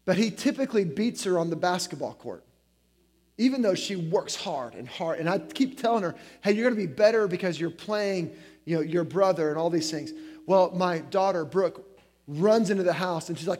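A man in his forties giving a sermon as a guest preacher, talking in a conversational way with lots of fillers and animated storytelling. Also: high voice, normal speed.

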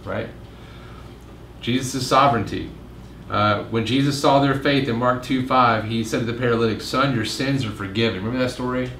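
A pastor giving a casual midweek Bible teaching, chatting with jokes and asides and acting out quoted lines in a raised voice. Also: male voice, steady tone, normal speed, a bit bright. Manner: conversational, jokes and asides, acts out quotes with rising pitch. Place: meeting room. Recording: roomy echo, faint room noise.

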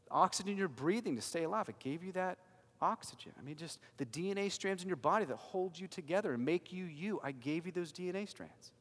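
A man preaching a sermon as a pastor, emphatic and swinging from loud declarations to hushed lines. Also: high voice, expressive, brisk, big-room sound.

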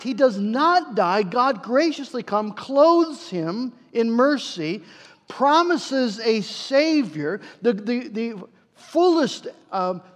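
A man's voice: very high voice, in a large hall. A man preaching a sermon as pastor, earnest and emphatic, often repeating words for stress.

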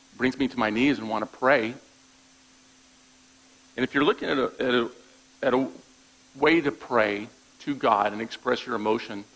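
Male pastor, gravelly mid-pitched voice, plainspoken conversational sermon delivery. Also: fairly bright tone, low-quality recording. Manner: conversational preaching with frequent "all right?" check-ins; repeats words when restarting thoughts.

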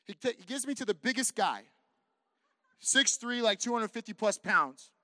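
A man from California preaching as a pastor, telling a personal story in an animated way that swings from hushed to loud, with jokes for the congregation. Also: sits high, moderate pace, no room sound, studio quality. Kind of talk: sermon storytelling.

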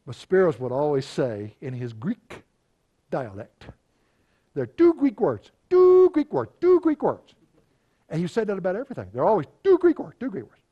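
A middle-aged man, a pastor, telling folksy anecdotes in a conversational sermon and chuckling now and then. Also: mid-range voice. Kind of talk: storytelling sermon.

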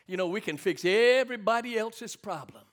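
A man's voice: sits high, lively intonation, normal speed. A middle-aged man preaching a sermon, telling stories and calling for amens from the congregation. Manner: call-and-response preaching, storytelling. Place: church sanctuary.

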